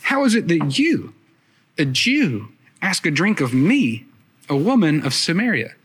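A man voicing a skeptical, quick-witted Samaritan woman who challenges with pointed questions, in a sermon retelling. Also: a little high, big pitch swings, fairly bright tone, a little hiss or hum. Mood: challenging.

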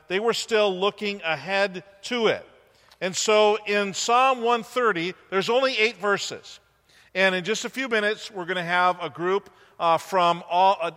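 Bright-voiced man preaching in a reverberant hall. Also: high voice. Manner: conversational preaching, asks the congregation questions. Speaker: pastor. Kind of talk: sermon. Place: church sanctuary.

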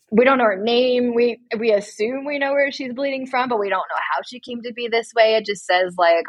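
A woman giving earnest, direct faith-based advice to parents, retelling a story with lively asides. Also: on the low side, breathy edge, no room sound. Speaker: guest speaking to parents.

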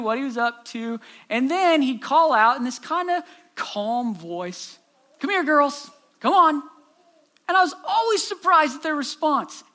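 A man's voice: very high-pitched, pushed and bright. A pastor preaching a sermon to his congregation, telling stories earnestly and asking rhetorical questions.

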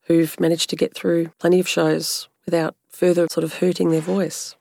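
Gravelly woman, a bit hoarse. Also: lowish voice, level tone, mellow, no echo, studio quality. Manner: explanatory, measured, coaching tone. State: slightly hoarse from a recent cough. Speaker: narrator and speech pathologist guest. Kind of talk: conversational interview.

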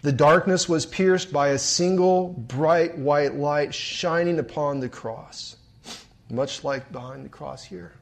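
A man's voice: a little high, slow, vocal fry. Dramatic male preacher telling a story. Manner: dramatic, swinging between hushed murmurs and forceful swells. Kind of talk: sermon storytelling. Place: large hall with a stage.

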